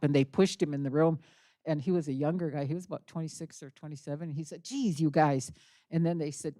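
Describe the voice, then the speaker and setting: A woman's voice: sits low, a little mellow, no echo, studio quality. An older woman giving a talk in an auditorium, telling a vivid story in earnest and acting out the dialogue. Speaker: guest speaker. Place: college auditorium.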